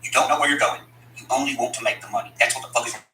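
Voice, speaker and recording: A man's voice: medium pitch, rapid-fire, bright, forceful tone, roomy sound, a little hiss or hum, rough recording. A man delivering a blunt, profane, combative rant at his critics, speaking as a country rapper. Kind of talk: angry profane rant to camera.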